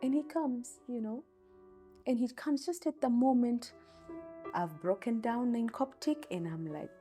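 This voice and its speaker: A woman's voice: fairly high pitch, unhurried, warm tone, soft background music. A young Kenyan mother telling a raw, candid personal story about a hard day.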